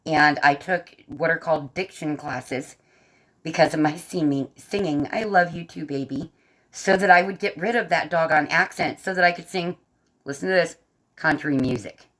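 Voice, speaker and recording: This woman's voice sits low and fairly bright, and she talks at a normal speed with a faint Southern American accent. She's coloring in bed in her bedroom during a livestream, laughing a lot and responding to her chat.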